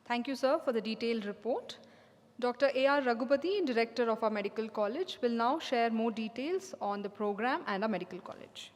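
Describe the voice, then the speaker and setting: A woman's voice: fairly high pitch, lively intonation, brisk. A woman acting as master of ceremonies, politely introducing the next speaker on stage. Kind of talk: stage announcement. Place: large hall. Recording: long hall reverb.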